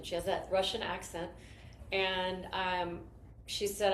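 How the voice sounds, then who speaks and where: A woman's voice: on the low side, fairly even intonation, unhurried. A woman leading a network marketing team, telling stories in an enthusiastic, rambling motivational talk. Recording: roomy echo with faint noise.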